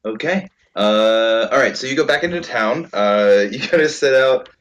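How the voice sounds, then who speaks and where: A man narrating a tabletop role-playing game as game master, relaxed and full of ums. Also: medium pitch, moderate pace, lo-fi sound. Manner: relaxed, lots of ums and uhs.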